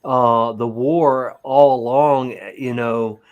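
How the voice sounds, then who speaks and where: A man's voice: medium pitch, steady tone, takes it slowly, smooth, dull audio. A man hosting a late-night livestream, chatting in a meandering way with muttered fillers. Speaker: livestream host. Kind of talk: casual late-night chat.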